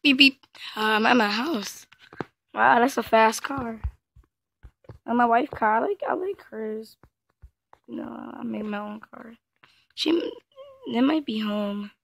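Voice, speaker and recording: A woman's voice: a little high, slow pace, gravelly, pauses often, fairly bright tone, exaggerated voice. A woman voicing an easygoing married man buying a car in a game role-play. He rambles and talks to himself. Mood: excited. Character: easygoing male car buyer with a wife. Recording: muffled and noisy, with background clicks.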